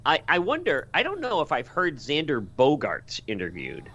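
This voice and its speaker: A man co-hosting a podcast in casual chat, telling a story in a wry, animated way. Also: fairly high pitch, normal speed, highs cut off. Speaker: podcast co-host.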